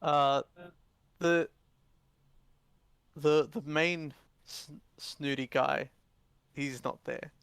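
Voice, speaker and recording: A man narrating as dungeon master of a tabletop game, halting and full of fillers and restarts. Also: fairly high pitch, steady tone, vocal fry, a bit bright, clean tone, dry recording.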